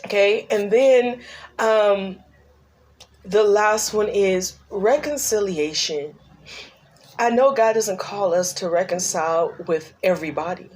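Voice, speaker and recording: A woman's voice: medium pitch, slow, a little mellow. Middle-aged woman, unscripted talk to camera, earnest and encouraging, tearful at moments. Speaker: grief vlogger and ministry leader.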